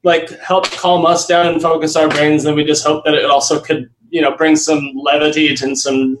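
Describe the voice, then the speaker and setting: A man's voice: on the high side, flat delivery, normal speed, a little hiss or hum. Man chatting in an echoey room. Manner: rambling, laughs often, trails off. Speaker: guest, Las Vegas entertainer. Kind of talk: casual interview chat.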